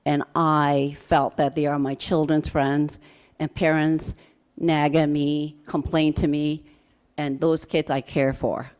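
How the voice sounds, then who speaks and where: A mother giving an emotional, halting public comment at a school board meeting, pleading with the board. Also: low-pitched, flat delivery, a little mellow, smooth. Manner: pleading, halting, restarts often.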